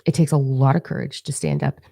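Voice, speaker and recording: Woman, adult, spiritual coach, live-stream host; gravelly, dark-toned voice; blunt, swears a lot, calls people out. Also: rumbling low, steady tone, fairly quick. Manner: blunt, heavy swearing, emphatic calls to action. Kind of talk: intense motivational talk to viewers.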